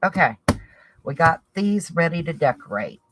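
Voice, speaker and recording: Background noise accompanies a woman's low voice, which swings widely in pitch at a normal speed. She has a Southern US accent and chats to viewers in a rambling, think-aloud way while crafting.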